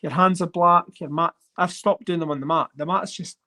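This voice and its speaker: A host chatting casually on a livestream while sorting coins, rambling and getting excited over finds. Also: mid-range voice, a little fast. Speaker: coin collecting channel host.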